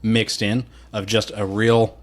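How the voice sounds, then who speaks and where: Low-voiced man chatting on a podcast. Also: little pitch movement, slow. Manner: laughs often, acts out quotes in put-on voices. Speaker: podcast co-host. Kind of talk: casual chat.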